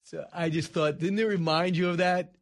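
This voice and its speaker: A man's voice: a little high, moderate pace. A man hosting a talk radio show, telling stories with rhetorical asides. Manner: animated storytelling, rhetorical asides.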